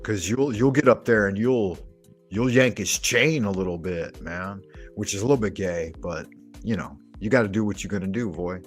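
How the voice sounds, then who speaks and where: A man's voice: on the low side, moderate pace, soft background music. A man hosting a livestream, chatting casually with viewers in crude, profane banter. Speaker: livestream host.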